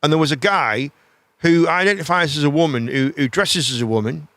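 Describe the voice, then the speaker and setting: A man hosting a live chat show, rambling in a casual, animated way and swearing freely. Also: a little high, fairly quick, no echo.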